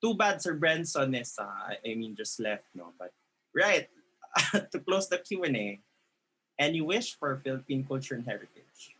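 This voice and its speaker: A man moderates an online panel, polite and hesitant. His tone is bright and forceful. His voice has a husky edge. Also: mid-range voice, big pitch swings, moderate pace, low-quality recording. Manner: hesitant, many fillers, polite. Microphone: video call.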